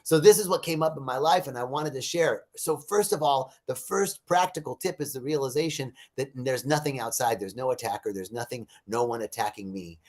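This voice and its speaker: A man hosting a casual live-streamed spiritual talk, animated and laughing, telling jokes. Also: medium pitch, brisk, hardly any pauses.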